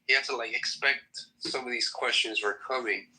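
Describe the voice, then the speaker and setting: A man with a very bright voice recounts an earlier talk in a group chat. He restarts often and leans on fillers. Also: medium pitch, fairly even intonation, low-quality recording. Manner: halting, full of fillers and restarts. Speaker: regular in the chat room.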